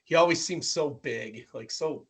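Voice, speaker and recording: A man's voice: fairly high pitch, unhurried, breathy edge. A man hosting a podcast, reacting eagerly in casual chat.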